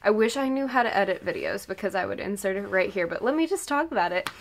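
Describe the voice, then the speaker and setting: A teenage girl vlogger excitedly retelling a story in a casual, rambling way, saying "like" and "oh my god" a lot. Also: mid-range voice, fast talker. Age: late teens. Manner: gushing, rambling, heavy use of "like" and "oh my god".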